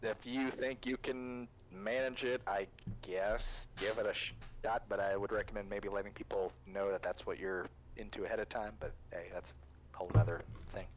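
A young man casually recapping an anime, laughing and filling in quick character voices as he retells scenes. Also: lowish voice, steady tone, noisy background.

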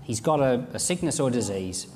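A man's voice: normal speed, slight background noise. Preaching man in a reverberant hall. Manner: animated, voices scripture and imagined speakers with rising pitch. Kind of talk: sermon.

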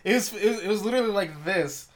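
Young guy, a bit high-pitched, rambling, restarts his sentences. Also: fast. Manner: rambling, repeats words while he thinks, swears. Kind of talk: casual chat.

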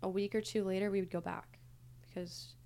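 A woman's voice: mid-range voice, flat delivery, a little fast, creaky, mellow. A young adult woman, a podcast guest, recounting her past candidly in a casual, hesitant way with many fillers. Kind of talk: casual conversational interview.

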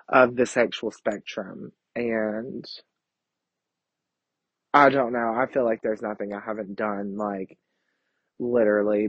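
Brash campy man, husky lo-fi. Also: lowish voice, no echo. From Kentucky. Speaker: podcast host. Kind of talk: casual confessional monologue. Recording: dull lo-fi home recording.

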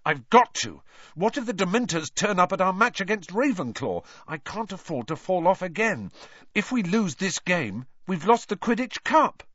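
A man's voice: fairly high pitch, huge pitch swings, normal speed, fairly bright tone, breathy edge, no room sound, lo-fi sound, pitched above the performer's own voice, heavily acted. A man doing an earnest, fierce teenage boy. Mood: determined.

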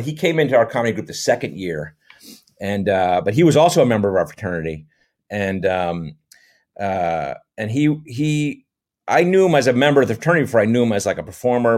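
Man, middle-aged, from the US, casual interview guest, loose anecdotes, filler-heavy. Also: medium pitch. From American. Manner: relaxed, rambling, many fillers. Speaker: podcast guest, comedy actor.

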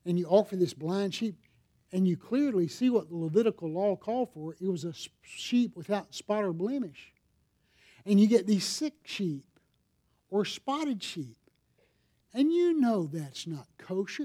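A man's voice: sits high, very animated, measured pace, dark tone. A middle-aged man pastor preaching a sermon in a church, talking casually with the congregation and asking them questions. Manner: conversational preaching with audience questions and props. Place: church sanctuary.

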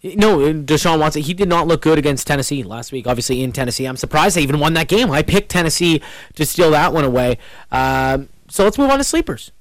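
A man hosting a casual sports podcast, talking in an animated way with quick swings in pitch. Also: no echo. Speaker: podcast host.

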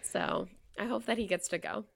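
A young woman, co-hosting a casual podcast chat, animated and full of "like" and "you know". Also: medium pitch, normal speed, vocal fry. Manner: chatty and animated, many "like" and "you know" fillers. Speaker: podcast co-host.

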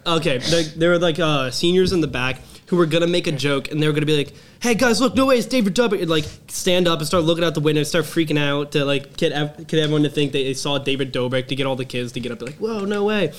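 A teenage boy co-hosting a podcast in casual chat, excitable and acting out other people's voices. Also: fairly high pitch. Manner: fast, excitable, acts out voices. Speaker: podcast co-host.

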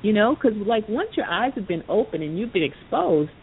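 Casual podcast storyteller, rambling with lots of asides, over a thin phone line with a low rumble behind. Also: big pitch swings, normal speed. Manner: rambling, full of "you know" asides. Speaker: podcast speaker.

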